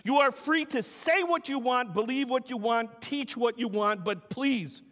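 A male pastor preaching a sermon, emphatic, swinging between loud cries and hushed, soft talk. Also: very high voice, unhurried. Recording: long reverb of a large hall.

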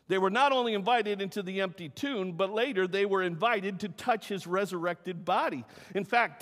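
A male pastor preaching a sermon, emphatic, swinging between loud cries and hushed, soft talk. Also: high-pitched. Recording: long reverb of a large hall.

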